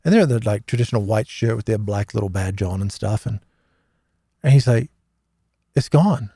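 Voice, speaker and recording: Man, middle-aged, live Q&A host: gravelly, rambling storyteller, dry close sound. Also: fairly low pitch, a little fast, dark tone, dry recording. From Australia. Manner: rambling, anecdotal, many fillers and restarts. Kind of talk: casual religious storytelling talk.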